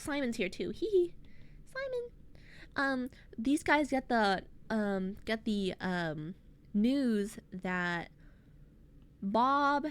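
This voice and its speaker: Woman VTuber streamer, slightly high voice, casual rambling recap, heavy on fillers and slang. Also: clear, resonant tone. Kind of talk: casual chat recapping a story to chat.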